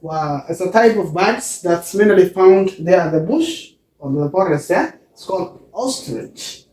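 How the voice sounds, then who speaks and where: A man's voice: high-pitched, expressive, measured pace, darkish tone, far from the mic. A Somali-accented man teaching English vowels, repeating each word several times and switching between Somali and English. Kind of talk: vowel lesson, repeating words aloud. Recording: echoey room, speaker away from mic.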